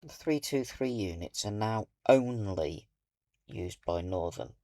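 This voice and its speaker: A British man talks unhurriedly through a relaxed gameplay session, musing to himself as he watches. His voice sits low with a gravelly edge, and his pitch wanders up and down with lively movement. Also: no room sound. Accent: British English. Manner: musing aloud, slow and thoughtful. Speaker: gaming video creator. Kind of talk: casual gameplay commentary.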